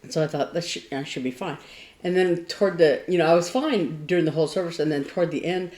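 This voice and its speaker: A woman's voice: low voice, quick pace, darkish tone. A woman co-hosting a casual craft podcast who tells meandering, thoughtful stories. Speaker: podcast co-host. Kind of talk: casual chat. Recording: echoey room.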